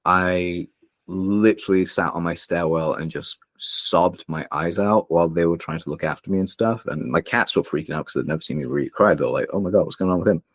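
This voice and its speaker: A man's voice: low voice, brisk, no room sound, studio quality. A young man speaking as a podcast guest, telling candid personal stories in an earnest, emotional way, with many fillers and restarts. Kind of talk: candid personal storytelling in a conversation.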